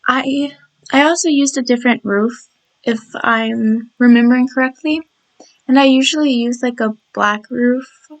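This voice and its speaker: A tired woman with a slightly croaky, scratchy voice, chatting casually over a video of her game build and rambling with lots of restarts. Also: on the high side, unhurried. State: tired and yawning.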